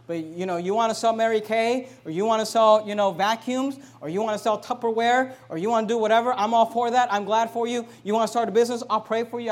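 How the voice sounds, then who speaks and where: A man preaching a fiery sermon as pastor in a church, emphatic, with sudden loud rises and quiet asides. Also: high voice. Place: church sanctuary.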